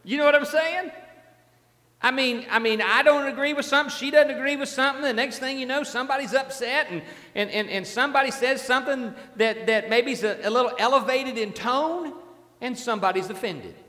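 A man's voice: very high voice, brisk, sharp tone, big-room sound. A man preaching a sermon as a pastor, in a conversational way, often repeating his words and asking the congregation questions.

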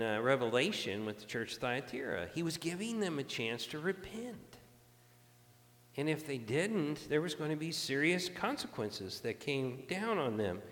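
This is a pastor preaching a sermon, earnest and conversational, frequently restarting his phrases. His voice is medium in pitch and a bit bright, with the sound of a big room around him.

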